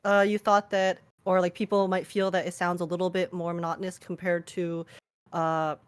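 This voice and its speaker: A woman guest in a casual podcast chat, easygoing and quick to laugh. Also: fairly low pitch, level tone, clean tone. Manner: giggly and easygoing.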